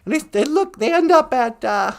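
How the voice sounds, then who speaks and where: A woman telling a comic story on a podcast, rambling and loose, often losing her word. Her voice is high and carries a gravelly creak. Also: lively intonation, moderate pace. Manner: rambling, laughing, loose retelling. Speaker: podcast host.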